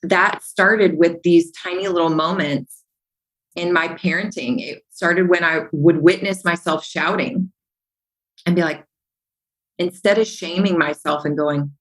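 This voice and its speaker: On a low-quality recording, a woman with a lowish voice speaks at a measured pace as a podcast guest. She's a lively storyteller who acts out remembered exchanges and repeats phrases to press her points.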